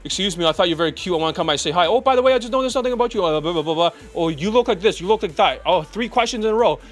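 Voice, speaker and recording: A man mimicking a nervous young man who rattles off a pickup routine very fast to a woman. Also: sits high, soft background music. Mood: hurried.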